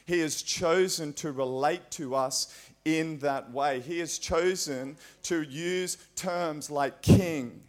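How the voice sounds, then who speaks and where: A man's voice: a little high, takes it slowly, hardly any pauses. A man with an Australian accent preaching a conversational, earnest sermon in a church, with frequent fillers.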